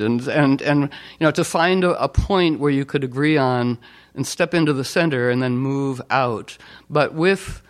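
A man giving an informal talk, rambling with fillers and restarts, and playfully telling anecdotes in which he acts out the people he quotes. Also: medium pitch. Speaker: speaker.

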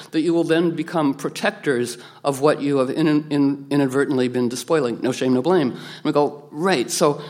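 A man giving a rambling spiritual talk, animated, acting out quotes from others with playful voices and frequent restarts. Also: on the high side.

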